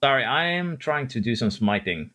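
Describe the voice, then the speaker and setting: Male streamer, excitable live commentary, bright tone. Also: mid-range voice, normal speed. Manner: excitable, talks to drivers and chat. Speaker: gaming streamer.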